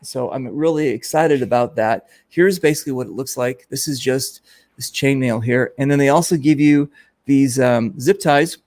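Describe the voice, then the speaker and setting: A man hosting a casual chat, telling a lively story and acting out what others said. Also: mid-range voice, moderate pace, no echo. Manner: animated storyteller, mimics others in his stories. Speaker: host. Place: event booth.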